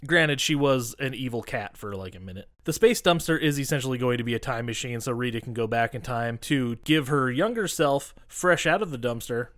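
A man co-hosting a podcast in casual chat, animated, swearing freely and acting out characters' lines as he recaps. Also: medium pitch, fairly quick, few pauses, no room sound, clean studio sound. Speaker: podcast co-host.

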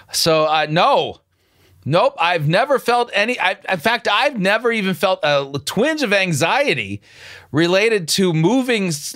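A man's voice: on the high side, bright, forceful tone. A man hosting a commentary show, picking apart a sermon clip with sarcastic, incredulous remarks and frequent restarts. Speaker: host.

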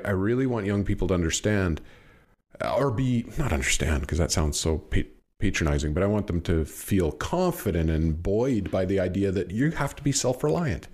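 A middle-aged man, a podcast guest, talking casually, swearing freely and telling stories with lively swings in his voice. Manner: swears freely, animated storytelling with big pitch swings. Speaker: podcast guest, business owner. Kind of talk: casual chat.

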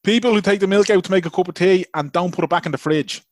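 A man's voice: sits high, quick pace, dry recording, studio quality. A man hosting a casual chat, reading out pet peeves in a laid-back way. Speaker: podcast host.

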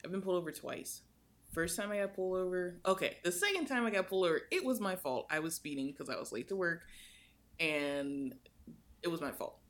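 A young woman co-hosting a podcast, telling a story in casual chat with animated swings in pitch. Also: fairly quick. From United States. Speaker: podcast co-host.

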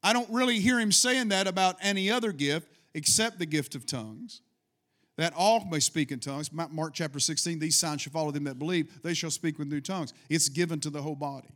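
A man's voice: a little high, fairly quick, fairly bright tone. A middle-aged man preaching a fervent sermon to his congregation and calling for responses. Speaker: pastor.

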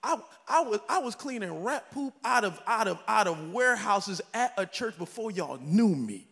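A middle-aged pastor delivering a sermon, shouting and preaching with comic impressions of his congregation. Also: high-pitched, animated, normal speed, creaky. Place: large church hall. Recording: echoey church hall with faint ambience.

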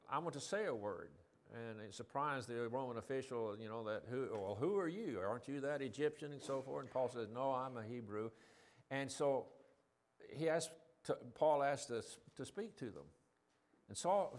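A man giving a sermon, reading scripture and explaining it in a conversational way, asking the listeners questions and raising his voice for quoted lines. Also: mid-range voice. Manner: conversational, asks the audience questions; reads scripture quotes in a raised voice. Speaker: preacher.

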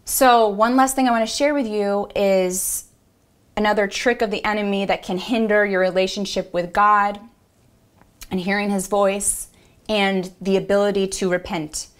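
A woman's voice: mid-range voice, fairly even intonation, normal speed. A woman apostle giving a devotional podcast teaching. She is earnest and encouraging, repeats affirmations and talks conversationally with many fillers.

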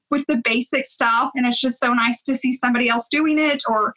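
Southern woman guest, higher voice, bright and chatty, earnest and quick to laugh. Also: steady tone, low-quality recording. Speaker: cleaning video creator, guest. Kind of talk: casual interview chat.

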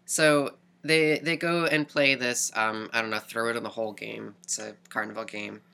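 Woman, very deep voice, forceful edge, casual episode recap, animated storyteller. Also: normal speed, vocal fry. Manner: animated storytelling, repeats words while thinking. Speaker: podcast co-host.

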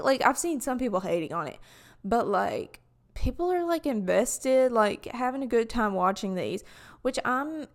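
A woman's voice: fairly high pitch, lively intonation, a little slow. A young woman from Alabama with a Southern US accent, talking casually to camera in a rambling way full of fillers. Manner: rambling, many "like" fillers and restarts. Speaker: vlogger.

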